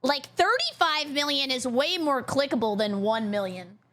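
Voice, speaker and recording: Woman streamer, reaction commentary, high pitch, very animated delivery, giggly, talks to chat. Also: moderate pace. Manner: giggly, joking asides to chat.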